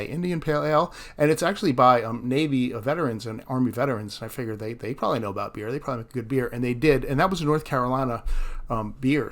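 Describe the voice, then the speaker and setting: A man narrating his fishing vlog in a casual, chatty way, often laughing at himself. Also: mid-range voice. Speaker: fishing vlogger.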